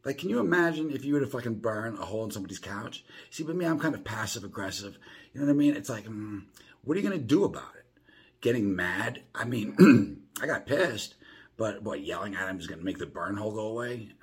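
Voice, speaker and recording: A lively, rambling man, swearing through a casual monologue from his home. His voice is low and very husky, and his pitch swings widely from line to line. He restarts his sentences constantly. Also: brisk. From South Florida. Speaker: podcast host.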